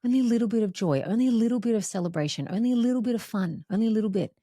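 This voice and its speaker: A woman's voice: fairly high pitch, very fast, mellow, no echo, clean studio sound, voice pushed up, close to an everyday voice. A woman voicing her own timid, self-limiting inner voice, repeating herself in a pleading, shrinking way. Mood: anxious.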